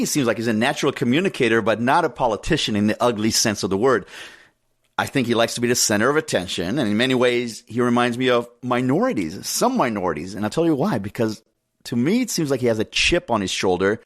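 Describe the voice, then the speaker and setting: A man hosting an interview, giving measured personal opinions before asking a question. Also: mid-range voice, lively intonation, no echo, studio quality. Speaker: host. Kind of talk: interview host commentary.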